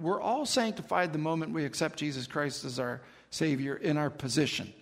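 A man's voice: on the high side, brisk, hardly any pauses, long reverb tail. A man preaching a sermon, telling his own conversion story in an earnest, storytelling way. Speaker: pastor. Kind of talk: sermon with personal testimony.

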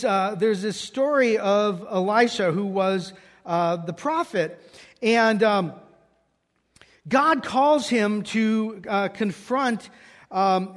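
A man with a strikingly high voice preaches a sermon. He tells a scripture story and rises in pitch and force for the quotes. A long reverb trails behind his words. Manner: storytelling, quoting scripture with raised voice.

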